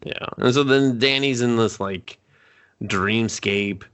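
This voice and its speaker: A man from Canada co-hosting a casual movie review chat, sarcastic and profane, slipping into quick mock voices for the characters. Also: mid-range voice, a bit bright, clear, resonant tone. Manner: sarcastic, swearing, acts out characters in quick asides. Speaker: podcast co-host.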